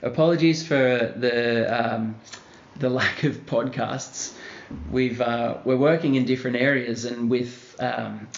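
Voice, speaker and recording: A man's voice: mid-range voice, fairly even intonation, measured pace, gravelly. A man co-hosting a podcast, leading the casual chat and laughing easily. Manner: chatty, laughs easily, leads the talk. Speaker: podcast co-host. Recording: dull echoey room recording.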